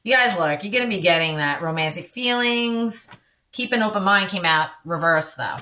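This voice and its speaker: A woman reading tarot cards for her online followers in a loose, conversational way. Her voice is bright and forward, and she keeps reassuring her listeners while stopping now and then to apologize for getting sidetracked. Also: fairly low pitch, animated, normal speed. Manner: chatty, reassuring, with frequent apologetic asides. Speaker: tarot card reader. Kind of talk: casual tarot reading for viewers.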